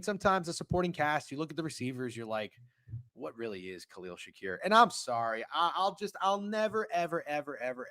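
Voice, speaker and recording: Animated, swearing man talking sports. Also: fairly high pitch. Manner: animated, swings from loud to muttered asides. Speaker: co-host of a sports betting stream. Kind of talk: casual profane sports chat.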